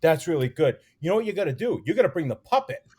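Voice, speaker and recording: A man imitating his father, who is amazed and excited and keeps pushing an idea. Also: a little high, fast talker, over a noisy crowd, pitched above the performer's own voice. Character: older dad, amazed and insistent.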